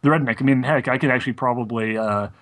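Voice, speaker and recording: A man's voice: mid-range voice, fast, a bit bright. Chatty male podcast co-host. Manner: talkative, explains at length. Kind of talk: casual chat.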